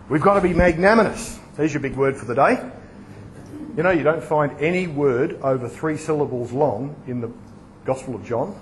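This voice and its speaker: Male preacher, high voice, lively sermon full of questions to the audience. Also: a little hiss or hum, low-quality recording. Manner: lively, asks the audience questions and acts out examples.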